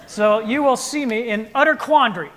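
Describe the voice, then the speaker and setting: A man playing piano in a trio, explaining the music to a live audience in an animated, playful lecture-demonstration. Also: very high voice, normal speed, background noise. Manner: animated, playful explainer acting out the composer's attitude. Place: concert hall with live audience.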